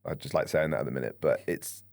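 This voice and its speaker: A man's voice: rumbling low, fast talker, gravelly, a little mellow, dry recording, studio quality. A man in his thirties with a southern English accent, a fitness coach who talks reflectively and laughs easily as a podcast guest. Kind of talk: casual podcast chat.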